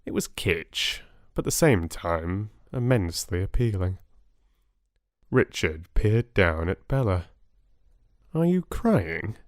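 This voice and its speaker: Calm audiobook narrator, male, low and very slow, close dry mic. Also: dry recording. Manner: calm, unhurried. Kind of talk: soothing bedtime story reading.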